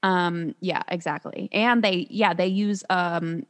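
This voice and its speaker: A woman's voice: fairly low pitch, steady tone, slow. A young woman co-hosting a casual podcast, recapping a reality show in a chatty way full of fillers. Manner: chatty, filler-heavy, lots of "like" and laughter. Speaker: podcast co-host.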